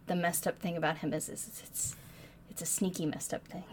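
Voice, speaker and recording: A woman's voice: on the low side, flat delivery, a little fast, slight background noise. A woman co-hosting a casual book podcast, retelling the plot with swearing and dramatic flair. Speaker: podcast co-host. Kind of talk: casual book-club chat.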